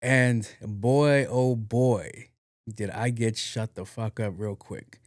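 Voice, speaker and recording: A young man from New York hosting a podcast, telling a long story in a casual, animated, profane and self-mocking way. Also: mid-range voice, takes it slowly, no room sound, clean studio sound. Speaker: podcast host.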